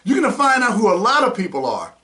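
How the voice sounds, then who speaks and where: A man's voice: high-pitched, huge pitch swings, fast talker, sharp tone. A man hosting a talk show, ranting with indignant, mocking commentary. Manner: indignant, mocking, name-calling rants. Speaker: podcast host. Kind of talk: heated commentary.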